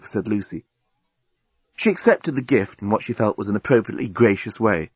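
A man narrating a comic science-fiction story as an audiobook reader, in a dry, even storytelling manner. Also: on the low side, a little fast, breathy edge, no echo. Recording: dull lo-fi recording.

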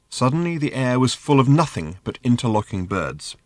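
Lively male audiobook narrator. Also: mid-range voice, dry recording, clean studio sound. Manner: measured, lively storytelling. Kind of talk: scripted narration.

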